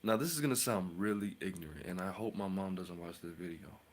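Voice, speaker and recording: A man's voice: sits low, a little fast. A man hosting his own channel as a tarot reader, rambling and boasting in a casual rant, mocking with sudden whispers and outbursts.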